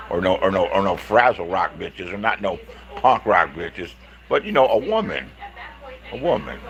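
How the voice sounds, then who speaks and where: Man from Los Angeles, livestream rant, gravelly fry, bright forceful tone, profane, rambling restarts. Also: mid-range voice, rough recording. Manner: calls out other streamers directly. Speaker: livestream host.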